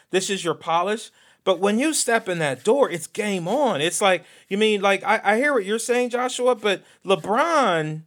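A man talking casually on a podcast, voice a touch higher than most men's. He tells stories with lively energy and now and then drops into patois-style phrasing. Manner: animated storyteller, slips into Jamaican patois phrasing. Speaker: podcast co-host. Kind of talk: casual conversation.

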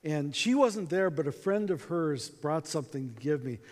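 A man in his sixties from North Dakota, telling a personal story to a conference audience with animated delivery and acted-out dialogue. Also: a little high, normal speed. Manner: animated, acts out quoted dialogue. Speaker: conference speaker. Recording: long hall reverb.

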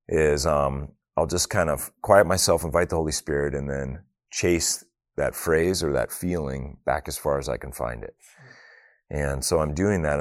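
A man's voice: rumbling low, no echo, clean studio sound. A middle-aged man leading a prayer, then telling personal stories with humor and earnest reflection at a faith talk. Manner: humorous, earnest, acts out family dialogue.

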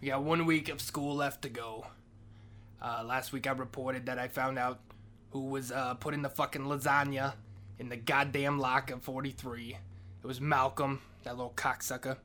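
A man's voice: medium pitch, level tone, moderate pace, pushed and bright. A man performing a comedic monologue as a school janitor, grumbling through a weary, profane rant. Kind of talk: comedic character monologue podcast.

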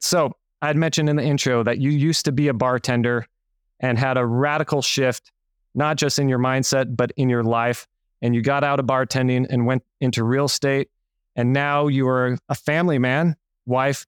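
A man's voice: mid-range voice, clean tone, dry recording. Upbeat podcast host, a man, dry mic. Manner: upbeat, playful, hypes the guest. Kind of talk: scripted intro, then casual interview.

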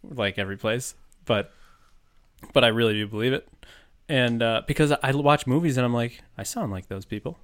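A man from Buffalo chatting loosely on a podcast, his sentences wandering through fillers as he searches for words. His voice sits at an ordinary middle pitch. He laughs often and keeps the talk loose. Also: normal speed, fairly bright tone. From Buffalo, New York. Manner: rambling, many fillers, laughs easily. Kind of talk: casual chat.

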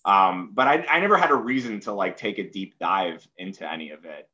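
Hesitant New man, low voice. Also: expressive, fairly quick, bright, forceful tone, dull audio. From New York City. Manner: hesitant, lots of fillers and restarts. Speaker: podcast guest. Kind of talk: casual conversation.

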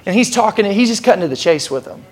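A man preaching a casual, energetic sermon, repeating key lines and calling on the congregation to answer. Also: high-pitched, fast talker. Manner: casual, energetic preaching with repetition and audience call-outs. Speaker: pastor.

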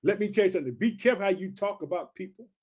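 A man's voice: high voice, expressive, very fast, darkish tone, breathy edge. A man teaching a Bible passage with fervent energy, often asking his listeners if they heard and calling them family. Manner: fervent, keeps asking "did you hear?" and "check it out".

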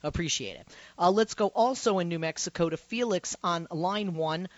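A woman's voice: lowish voice, moderate pace, no echo. A woman hosting a call-in radio talk show, her voice dull and dry like a broadcast feed. She talks earnestly, stumbling and restarting her sentences, and backs her callers up readily. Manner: earnest, stammering restarts, agrees warmly with callers.

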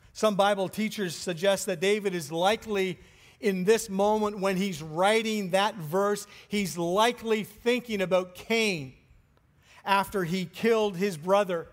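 Male pastor, sermon, high voice, slow deliberate delivery, soft trailing endings. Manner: slow, deliberate preaching with pauses, trailing off softly.

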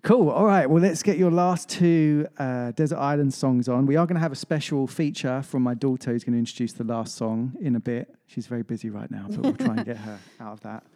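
This is a radio host, talking fast in a mellow, darker tone. He chats casually with his guest, dropping in quick asides and comments. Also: medium pitch, expressive. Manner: chatty, quick interjections. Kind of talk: casual interview chat.

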